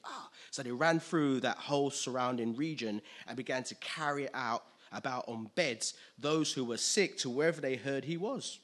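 A man preaching a conversational sermon, chatty and quick to laugh, often asking listeners if they follow. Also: mid-range voice, a bit bright.

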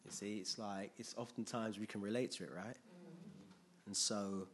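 A man preaching a sermon, retelling a story with lively, jokey slang asides. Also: on the low side, moderate pace, a little hiss or hum.

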